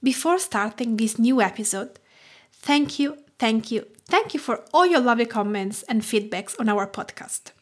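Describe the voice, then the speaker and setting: A woman's voice: a little high, animated, normal speed. A woman from Tuscany with an Italian accent, hosting her cooking podcast in a scripted, grateful tone. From Tuscany, Italy. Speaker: podcast host, food writer.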